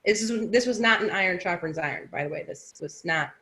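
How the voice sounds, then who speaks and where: A woman co-hosting a casual discussion, talking in a lively, chatty way with a sarcastic edge. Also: fairly low pitch, brisk.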